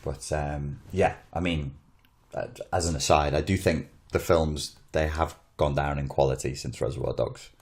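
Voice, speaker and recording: A man's voice: very deep voice, fairly even intonation, moderate pace, creaky. A man in casual podcast chat, rambling and blunt, often restarting his sentences. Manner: rambling, blunt, swears, self-interrupting. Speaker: podcast co-host.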